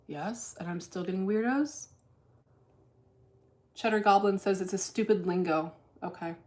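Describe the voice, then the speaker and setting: A woman hosting a casual livestream, reading chat aloud while day trading, blunt and deadpan with plenty of profanity. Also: mid-range voice, a little slow.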